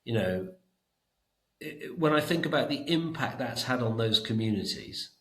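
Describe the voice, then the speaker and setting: A man's voice: medium pitch, expressive, normal speed, fairly bright tone, roomy sound, poor audio. A middle-aged man talking emphatically in a podcast interview as a guest, often repeating words as he thinks. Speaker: education trust chief executive, guest.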